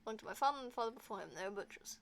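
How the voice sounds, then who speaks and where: Creepy grinning innkeeper man, sly, falsely polite, lively swooping pitch, put on by a woman reading a text game. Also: very fast. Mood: falsely innocent. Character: creepy grinning male innkeeper, secretly sinister.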